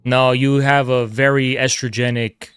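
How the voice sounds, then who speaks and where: A man hosting a live call-in stream, lecturing and mocking his callers, at times booming like a preacher. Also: level tone, unhurried, a bit bright, clear, resonant tone, no room sound, studio quality. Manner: lecturing, mocking, swings to booming theatrical declaiming. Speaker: livestream host taking callers. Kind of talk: combative call-in debate.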